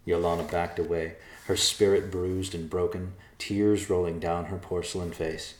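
A man narrating a fantasy story in a steady, measured reading. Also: low voice, reverberant.

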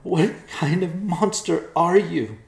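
A man voicing a grieving, defiant young woman who pleads and shouts in fury. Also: normal speed, echoey room, lightly acted. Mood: distraught. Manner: shrill, pleading, furious outbursts.

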